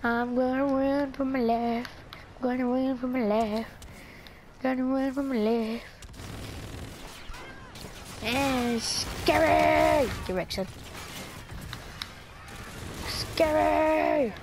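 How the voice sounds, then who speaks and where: Over the din of a shooter game, a young woman offers casual, goofy commentary full of squeals and sing-song nonsense lines. Her voice sits high and warm, fairly even in intonation, at a measured pace.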